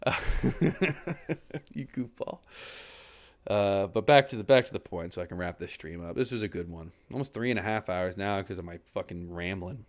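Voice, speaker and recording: A man's voice: sits low, a little fast, few pauses. A young man streaming from his desk mic, talking earnestly and at length to his chat, with restarts and the odd swear word. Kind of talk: reflective casual talk to a stream chat. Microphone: desk mic at a computer.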